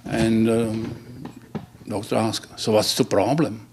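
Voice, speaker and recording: Halting man telling dirty jokes. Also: fairly low pitch, level tone, a little mellow, slight background noise. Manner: halting, restarts words, laughs at own punchlines. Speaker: joke teller.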